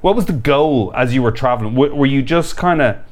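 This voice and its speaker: A man hosting a podcast, asking questions in a relaxed, chatty way. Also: mid-range voice, fairly quick. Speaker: podcast host. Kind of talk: casual interview chat.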